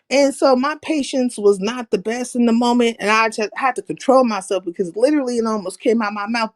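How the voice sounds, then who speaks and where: A woman hosting a livestream, telling profane stories in a brash, animated, slangy way. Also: on the high side, fairly quick, few pauses, dry recording. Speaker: livestream host. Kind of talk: casual profane storytelling chat.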